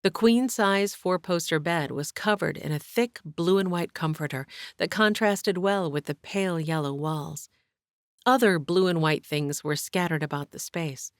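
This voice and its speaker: Low-voiced woman narrating an audiobook. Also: a little slow, dry recording, clean studio sound. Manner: steady, even storytelling. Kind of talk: scripted narration.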